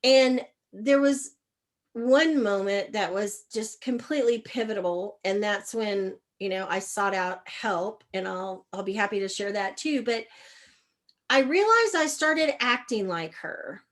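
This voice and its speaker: A middle-aged woman, a leadership coach, telling a candid personal story in an interview, acting out quoted exchanges. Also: unhurried. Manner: animated, acts out quoted exchanges with shifts in pitch and loudness.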